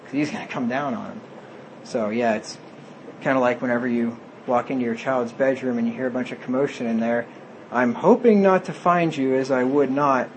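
A man's voice: medium pitch, steady tone, brisk, a little hiss or hum, poor audio. A man preaching a sermon, reading scripture aloud and explaining it plainly.

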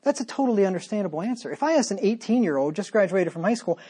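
A man's voice: high-pitched, expressive, fast talker, warm tone, husky. A man preaching a sermon as pastor, talking straight to his listeners with emphatic repetition and rhetorical questions.

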